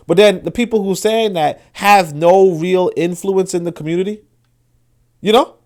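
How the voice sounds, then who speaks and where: A man hosting his own show, giving loose commentary as he reads from a shared screen. He swings between low muttering and loud, emphatic bursts, with frequent restarts and repeated words. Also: animated, moderate pace. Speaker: host. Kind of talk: livestream commentary while reading from a shared screen.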